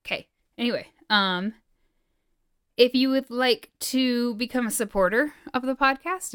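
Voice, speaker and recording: A rambling, breathless woman chats casually on a podcast. Her voice is low-pitched for a woman and very smooth. The sound is dry and close. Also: a bit bright, no room sound. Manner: rambling with many fillers. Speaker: podcast co-host.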